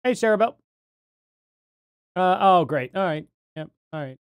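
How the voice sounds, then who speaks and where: A man's voice: high voice, expressive, unhurried, clear, resonant tone, no room sound. A man hosting a casual live stream, rambling and thinking aloud as he reads names from chat.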